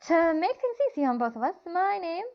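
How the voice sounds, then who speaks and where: A woman's voice: very high-pitched, sing-song, brisk, pitched above the performer's own voice, full character voice. A woman voicing a tired, exasperated young woman in a story reading, on a dull lo-fi recording. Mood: weary. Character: weary young woman guiding spirits.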